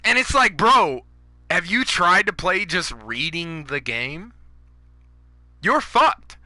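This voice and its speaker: Man, gaming commentary rant: high, very bright voice, dry close mic, profane and heated. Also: expressive, slow, no room sound. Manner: profane, fired-up ranting. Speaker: gaming YouTuber. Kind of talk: ranting gameplay commentary.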